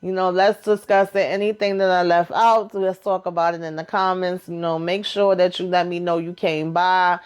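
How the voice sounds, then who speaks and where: A woman giving a casual recap of a TV episode, telling it in an animated, gossipy way and calling her viewers honey and child. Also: fairly low pitch, moderate pace, few pauses, clean tone.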